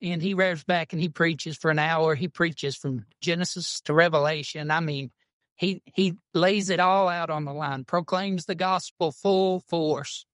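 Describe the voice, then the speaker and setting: A man's voice: a little high, steady tone, measured pace, fairly bright tone, dry recording. A man, a pastor telling stories and chatting in a folksy, informal drawl. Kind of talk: casual podcast chat about church.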